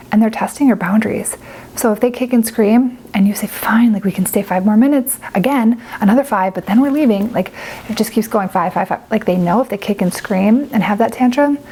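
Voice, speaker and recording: A woman's voice: medium pitch, darkish tone, a little hiss or hum, low-quality recording. A young adult woman giving casual, earnest parenting advice to camera, chatty and full of filler words. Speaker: parent vlogger.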